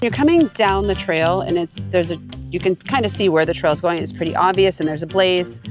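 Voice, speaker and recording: Music plays behind a woman with a lowish, congested voice as she vlogs briskly while hiking a forest trail. Her talk is casual and meandering, packed with filler words.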